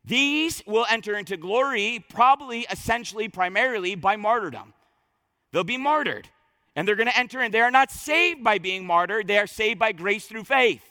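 A man's voice: sits high, lively intonation, normal speed, pushed and bright, dry recording, in a large hall. A man preaching a sermon, emphatic and fervent, often repeating words as he starts a phrase. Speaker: pastor.

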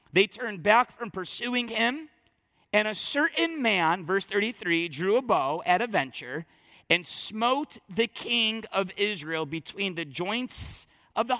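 Preacher, male, high bright voice, dramatic storytelling, long reverb of a big hall. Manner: emphatic, storytelling, swings loud and soft. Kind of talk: sermon.

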